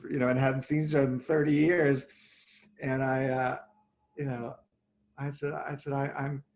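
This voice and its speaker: Wry theatrical male storyteller. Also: fairly high pitch. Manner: wry, theatrical storyteller, lively asides and restarts. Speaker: guest. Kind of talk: anecdotal storytelling. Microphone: video call.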